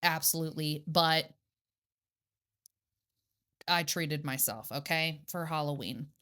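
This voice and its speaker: A young woman co-hosting a casual podcast, telling stories in a profane, animated way with sarcastic asides. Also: low-pitched, takes it slowly. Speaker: podcast co-host. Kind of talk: casual true-crime podcast chat.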